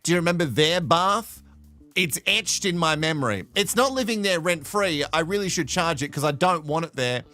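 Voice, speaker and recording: A man's voice: on the high side, lively intonation, moderate pace, sharp tone. A man from Australia hosting a live show from home in playful, teasing casual commentary. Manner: chatty, playful, teasing, laughs often. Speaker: host.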